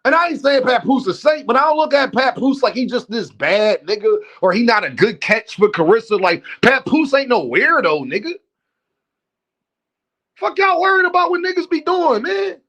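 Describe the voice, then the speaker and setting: A man's voice: very high-pitched, big pitch swings, normal speed, pushed and bright. A man hosting a livestream, ranting bluntly and profanely and talking straight to his chat. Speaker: livestream host. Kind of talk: unscripted livestream rant.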